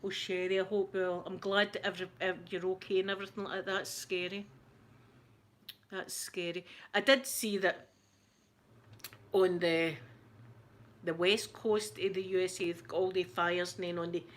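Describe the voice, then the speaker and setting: A woman's voice: fairly low pitch, flat delivery, moderate pace, pauses often, a bit bright. A woman with a Scottish accent, chatting casually and rambling to her viewers on her channel, laughing often. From Scotland. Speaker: ASMR channel host. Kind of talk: casual live-stream chat.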